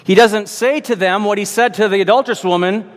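Earnest preacher, man, slightly high voice. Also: steady tone, brisk, long reverb tail. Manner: earnest, emphatic, repeats words while building a point. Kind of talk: sermon.

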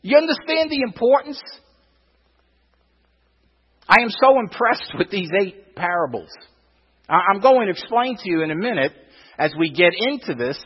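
Older male pastor, high lively voice, emphatic sermon delivery, reverberant lo-fi church recording. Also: husky. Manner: emphatic, repeats words, rhetorical questions. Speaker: preacher. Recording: dull, lo-fi sound with long reverb.

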